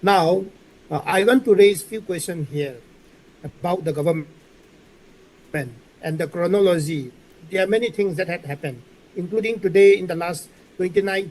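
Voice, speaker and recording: A man's voice: sits high, low-quality recording. A man giving methodical, hesitant commentary as a panelist on a news debate. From Manipur. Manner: hesitant, filler-heavy, methodical.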